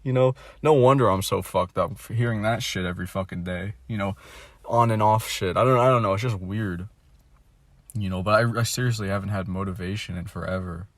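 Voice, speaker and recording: A young man in his twenties vents into his phone in a low, deflated voice. He rambles and swears, with "like" and "you know" in every breath. The sound is dry and close, with no room echo. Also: brisk. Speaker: vlogger. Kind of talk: casual venting monologue.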